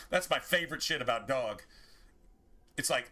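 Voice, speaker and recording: A man's voice: mid-range voice, animated, moderate pace, pauses often, bright, forceful tone. A man streaming a game, rambling casually with a lot of swearing and exasperation. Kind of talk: casual gameplay commentary.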